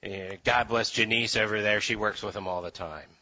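Animated, joking male preacher. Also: lowish voice, normal speed, highs cut off. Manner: animated, joking, acts out voices. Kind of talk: conversational sermon. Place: room with live audience.

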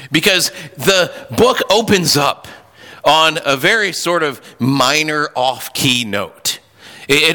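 A man's voice: on the high side, bright, forceful tone. A man preaching a sermon earnestly, with frequent restarts and fillers. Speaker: pastor. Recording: hall reverb.

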